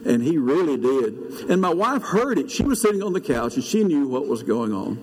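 A man's voice: big pitch swings, normal speed, husky. An older man, preaching a sermon as pastor, telling a story in an earnest way. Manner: storytelling, earnest, rises high when preaching. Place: church sanctuary. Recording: long reverb of a church hall.

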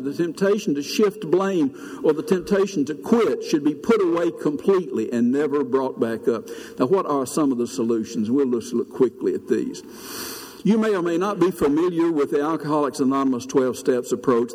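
Older man, pastor, earnest storytelling sermon, pitched a bit high, long church reverb. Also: a little mellow. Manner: storytelling, earnest, rises high when preaching. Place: church sanctuary.

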